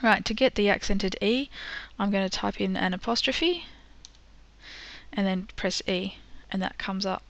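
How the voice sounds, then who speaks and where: A woman teaching a screen-recorded software tutorial, patient and step by step, with frequent ums. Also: mid-range voice, a little slow, no room sound.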